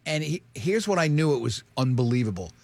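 A man's voice: mid-range voice, brisk, no echo. A male show host telling rambling stories in casual banter with his co-hosts. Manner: rambling, animated storytelling with restarts.

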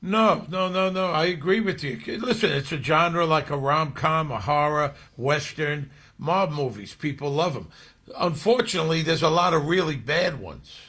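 Husky, blunt older guest. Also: male voice, on the high side, normal speed, bright, forceful tone. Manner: blunt, joking, street-style talk. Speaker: actor and author guest. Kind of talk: interview over a call.

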